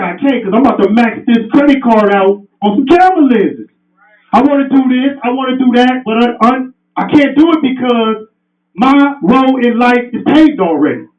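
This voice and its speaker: A man giving a passionate, preachy motivational speech to a live audience at an indoor event. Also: very high voice. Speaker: motivational speaker. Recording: roomy, distant, dull sound.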